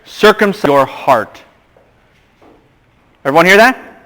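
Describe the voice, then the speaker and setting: A man lecturing to a class with a somewhat high voice. He talks in an animated, emphatic way and keeps quizzing the room with fill-in-the-blank questions. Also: takes it slowly, rough recording. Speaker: seminary lecturer.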